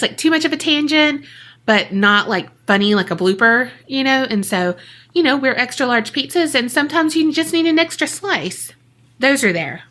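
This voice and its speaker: Her voice fairly high, pushed, and bright, a woman co-hosts a podcast in easygoing conversation, frequently laughing and talking right to the listeners.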